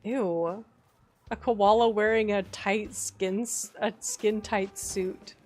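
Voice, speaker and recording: A woman's voice: medium pitch, slow, soft background music. Bubbly gushing woman game streamer. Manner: gushing, bubbly, squeals when excited. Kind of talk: casual live-stream chat while decorating in a game.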